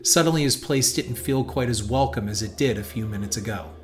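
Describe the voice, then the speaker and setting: A man giving a measured, dramatic scripted narration of a horror story. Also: mid-range voice, faint music behind. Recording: noisy hiss behind voice.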